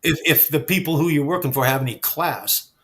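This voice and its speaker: A man telling backstage stories in a casual chat, animated and swearing freely. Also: a little high, brisk. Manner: animated, acts out quoted dialogue, swears freely. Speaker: guest storyteller.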